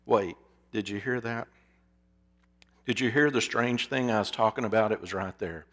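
A man preaching a sermon, asking his listeners rhetorical questions and dropping to a hush for emphasis. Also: fairly low pitch, normal speed, long pauses. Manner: drops to a hushed voice for emphasis.

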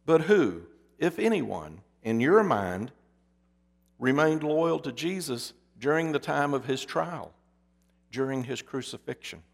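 A man preaching a sermon as pastor, moving between loud emphasis and hushed, dramatic pauses. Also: medium pitch, sing-song, vocal fry. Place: church sanctuary. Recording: long reverb of a church hall.

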